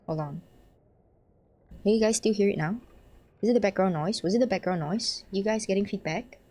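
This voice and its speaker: A young woman streaming a game, chatting casually, excitable, swearing and laughing at her own mistakes. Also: mid-range voice, brisk.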